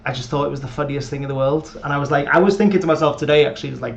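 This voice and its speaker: Racing along with few pauses, this fairly high-pitched male voice carries vocal fry over soft background music. He's a podcast co-host and episode writer rambling casually, stumbling through fillers and restarts on muffled lo-fi audio with faint noise behind him.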